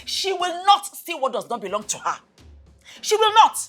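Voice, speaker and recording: A woman with a Nigerian accent playing a stern, preachy mother who scolds and shouts at her daughter in a film drama. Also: very high voice, sing-song, normal speed, soft background music, exaggerated voice. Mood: shouting.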